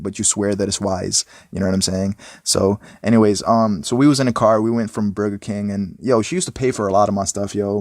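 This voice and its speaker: Young male vlogger, low voice, dry close phone sound, loose, repetitive motivational talk. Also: darkish tone, no echo. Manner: rambling, repeats "you know what I'm saying". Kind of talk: casual motivational monologue. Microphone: smartphone.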